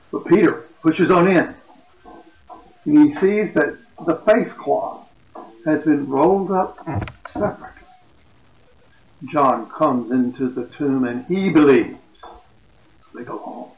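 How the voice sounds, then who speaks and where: A man retells a Bible story as a lesson, with a gravelly edge to his voice. He keeps a plain storytelling tone and drops softer for quoted lines. The sound is dull and lo-fi, with a roomy echo around him. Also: mid-range voice. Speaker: Bible teacher. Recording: echoey, dull lo-fi room.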